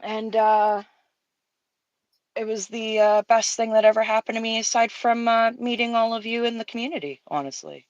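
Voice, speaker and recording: A woman's voice: on the high side, steady tone, normal speed, dry recording, highs cut off. A woman co-hosting a casual livestream chat while drawing, talking candidly and earnestly with frequent restarts. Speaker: livestream co-host drawing on stream.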